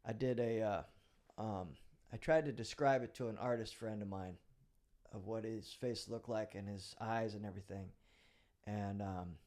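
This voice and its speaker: A middle-aged retired police officer, guesting in a casual interview, tells a vivid personal story and swears now and then. His voice is lowish with a darkish tone.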